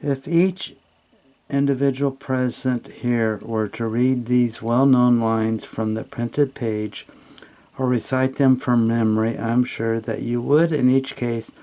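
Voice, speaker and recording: A man tutoring English who reads a text aloud and then explains it in plain, patient words. His voice is dark and mellow, and he speaks slowly, often pausing with fillers as he goes. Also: medium pitch, fairly even intonation.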